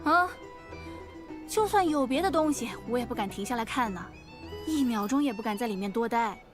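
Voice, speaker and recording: A woman's voice: on the high side, animated, a little fast, close to an everyday voice. An actress voicing an eager, tipsy young woman at a drinking game in a video game. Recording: game audio with music beneath.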